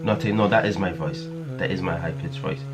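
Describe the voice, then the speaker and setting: A man's voice: deep voice, a little fast, highs cut off, noisy background. A man hosting a casual music production tutorial, talking in a hesitant way with many fillers and restarts. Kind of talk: casual screen-recorded tutorial.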